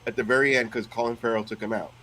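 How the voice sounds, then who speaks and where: A man's voice: mid-range voice, steady tone, racing, fairly bright tone, low-quality recording. A man hosting a casual podcast chat, jokey and steering the topics.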